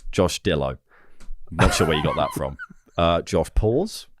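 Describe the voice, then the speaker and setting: A young man co-hosting a comedy podcast, telling animated stories with frequent laughter and sudden high-pitched impressions. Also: unhurried, background noise. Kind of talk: casual comedic chat.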